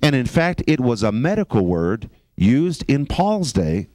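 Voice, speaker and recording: A man teaching a sermon, reading scripture and explaining words with emphasis, slowing down on key phrases. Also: mid-range voice, very animated, warm tone, no room sound. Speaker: Bible teacher.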